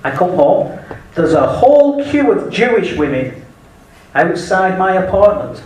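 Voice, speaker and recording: On a comedy club stage, a northern English man performs stand-up, rattling off bawdy one-liners and laughing along at his own jokes. His high, slightly mellow voice swings widely in pitch at a measured pace. The recording is echoey and distant, with the audience audible.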